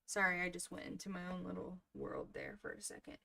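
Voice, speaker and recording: Soft-spoken woman chatting while crafting. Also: lowish voice, huge pitch swings, quick pace, vocal fry. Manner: soft-spoken, chatty, talks to viewers in the chat. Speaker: craft livestream host. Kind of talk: casual livestream chat while crafting.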